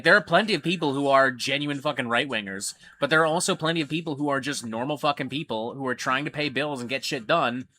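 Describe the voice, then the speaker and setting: A man's voice: mid-range voice, bright, forceful tone. A man hosting a casual livestream, ranting animatedly with lots of swearing. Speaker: livestream host.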